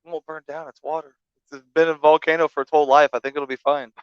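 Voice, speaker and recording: A man's voice: on the high side, flat delivery, quick pace, clear, resonant tone, no room sound, muffled recording. A man co-hosting a live comedy podcast, tossing in dry one-liners. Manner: dry interjecting quips. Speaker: podcast co-host. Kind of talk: crude comedy banter.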